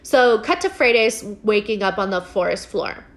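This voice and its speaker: A woman hosting a casual podcast, recapping a TV episode in an animated, giggly way, with a filler-heavy delivery. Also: medium pitch, moderate pace. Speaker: podcast host.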